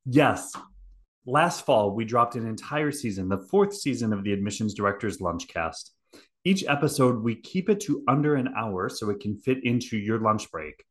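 A man co-hosting a podcast, cheerful and quick to laugh. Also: fairly low pitch, expressive. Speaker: podcast co-host. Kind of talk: casual podcast chat.

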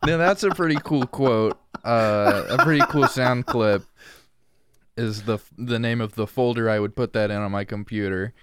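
A man's voice: medium pitch, normal speed, a little hiss or hum. A man co-hosting a movie podcast, talking in a laid-back, dry way and swearing casually. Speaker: podcast co-host. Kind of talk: casual movie review chat.

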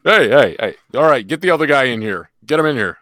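A man's voice: mid-range voice, sing-song, fast talker, a bit bright, dry recording, studio quality. A man playing a bossy male co-announcer in an improvised comedy sketch, barking orders. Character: male co-announcer pushing sponsor plugs.

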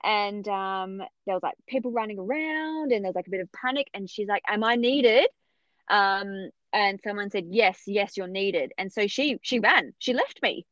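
A woman's voice: moderate pace, hardly any pauses, no echo. A woman chatting casually and telling her story with lots of life, throwing her voice way up whenever she quotes other people. The sound is a little dull and very dry, with no room around it. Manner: animated, acts out quoted voices with big pitch jumps. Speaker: podcast guest telling her birth story.

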